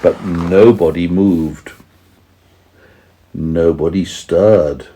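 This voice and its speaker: A man's voice: low-pitched, fairly even intonation, drawn-out words, warm tone. A man reading a children's story aloud to his young child, patiently stopping to explain words.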